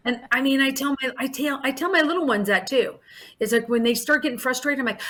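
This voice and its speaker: A woman in her forties who runs an in-home daycare, talking in a casual podcast interview with a warm, chatty manner and many restarts and fillers. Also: high-pitched, fast. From Alaska.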